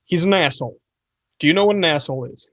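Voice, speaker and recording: Higher-voiced man playing his character. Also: expressive, quick pace, a bit bright. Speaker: player. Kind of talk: casual in-character play.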